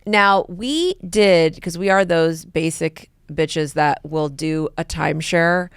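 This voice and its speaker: Female podcast guest, easygoing and giggly, slightly low pitch, dry mic. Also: slow, clear, resonant tone, no room sound. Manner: easygoing, laughs often. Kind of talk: casual chat.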